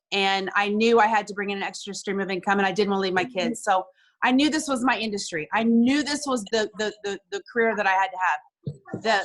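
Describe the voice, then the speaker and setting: Woman on a video call, middle pitch, telling her story all heartfelt, keeps repeating words when it gets emotional. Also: a bit bright. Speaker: guest.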